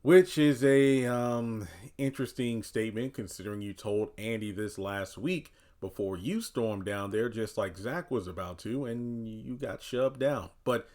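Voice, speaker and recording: A man giving casual commentary on a TV episode, talking loosely with lots of "you know" and "uh". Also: fairly low pitch. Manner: animated voicing of quoted characters. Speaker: TV recap commentator.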